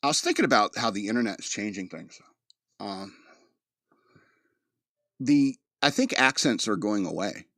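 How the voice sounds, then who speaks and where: A man's voice: lowish voice, expressive, normal speed, long pauses, a bit bright, dry recording, clean studio sound. Rambling man with a mid-Atlantic American accent. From East Coast of the United States. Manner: rambling, joking, laughs often. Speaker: podcast host. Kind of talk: casual monologue.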